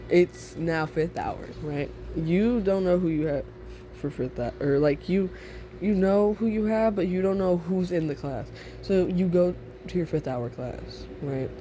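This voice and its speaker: A man's voice: fairly high pitch, warm tone, a little hiss or hum. A young man casually telling a second-person listener story, rambling and giggly, with many fillers.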